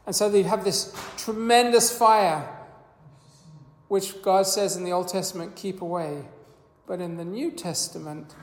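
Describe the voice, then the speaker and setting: A preacher giving a sermon in a measured, earnest teaching manner, with a few small restarts. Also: mid-range voice, darkish tone. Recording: echoey hall with long reverb.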